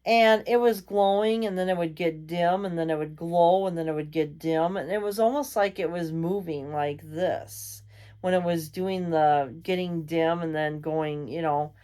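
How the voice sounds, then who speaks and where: A woman's voice: fairly low pitch, steady tone, a little slow, mellow, clean tone. A woman vlogger telling a ghost story in a casual, rambling way, full of fillers and self-corrections. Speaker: vlogger host.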